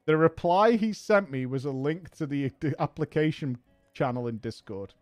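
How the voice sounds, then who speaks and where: A man's voice: fairly high pitch, normal speed, darkish tone, no echo, faint music behind. A man hosting a podcast who reads a story aloud and breaks off into profane, laughing comic asides. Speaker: podcast host reading a story. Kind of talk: comedic story reading with commentary.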